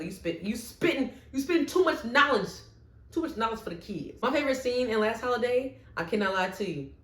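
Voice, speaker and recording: Woman vlogger, casual movie-ranking chat, very lively intonation, echoey room at home. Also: medium pitch. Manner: animated and expressive, with playful asides.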